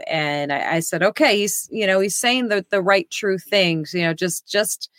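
A woman hosting a casual political chat, talking haltingly with many pauses. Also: medium pitch, a bit bright, no room sound, studio quality. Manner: halting, lots of fillers and restarts.

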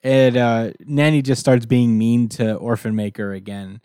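A man talks through a comic's plot in a loose, animated way, jumping into quick voices for the characters. His voice sits at an ordinary middle pitch. The sound is dry and close, with no room around it. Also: clean tone, no echo. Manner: animated storyteller who acts out characters' lines. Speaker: podcast co-host recapping a comic. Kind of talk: casual chat.

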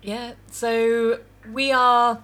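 Woman guest, scientist, bright tone, giggly, self-deprecating. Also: fairly high pitch, level tone, extremely slow. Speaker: podcast guest, healthcare scientist. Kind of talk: casual chat.

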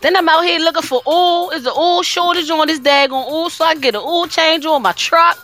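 A woman, co-host of a casual talk show, ranting in an exasperated, animated way about high prices. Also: fairly quick, soft background music. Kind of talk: casual rant.

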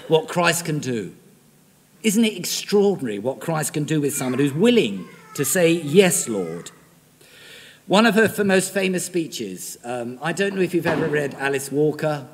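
A male preacher giving an emphatic sermon in a church, often asking his listeners rhetorical questions. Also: a little high. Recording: long reverb in a large hall.

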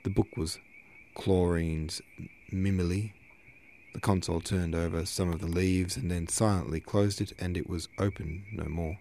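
A man with a very low voice reads a classic novel aloud at a measured pace. He occasionally stops to correct himself, then carries on. His tone is steady, like a long audiobook session. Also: a little hiss or hum. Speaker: audiobook narrator.

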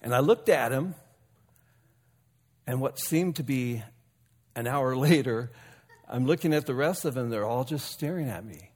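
A man in his fifties or older preaching a sermon, telling a personal story in a relaxed, conversational way with self-deprecating asides. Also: mid-range voice, measured pace, pauses often. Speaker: pastor. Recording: long hall reverb.

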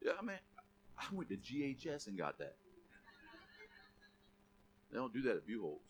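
A man's voice: medium pitch, wildly swooping pitch, moderate pace, a little hiss or hum. A man preaching a sermon, conversational and then emphatic, calling on the church to repeat key words. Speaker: pastor.

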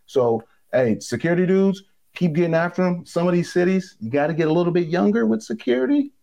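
Animated, emphatic former ballplayer, man. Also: sits high, brisk, vocal fry. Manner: animated, emphatic and blunt, swears freely. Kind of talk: casual sports talk.

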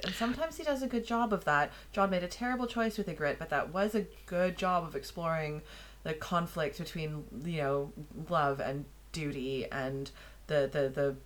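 Woman, very low voice, frank podcast co-host, casual swearing, wry chat. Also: poor audio. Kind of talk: casual book discussion.

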